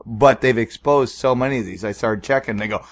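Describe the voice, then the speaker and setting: A man's voice: medium pitch, brisk. A man co-hosting a podcast, swearing freely in casual chat and acting out the voices in his stories. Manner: animated storyteller, swears, acts out voices. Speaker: podcast co-host.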